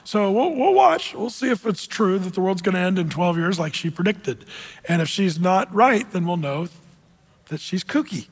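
A man giving an informal sermon as a pastor, halting in his talk and slowing down to read scripture deliberately. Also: high-pitched, sing-song, slightly rough, big-room sound. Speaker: pastor giving a prophecy update.

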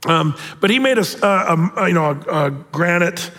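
A man preaches in a fairly high voice, telling the story with playful, animated asides. His words carry a long reverb, as in a large church hall. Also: moderate pace. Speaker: pastor. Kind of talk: sermon.

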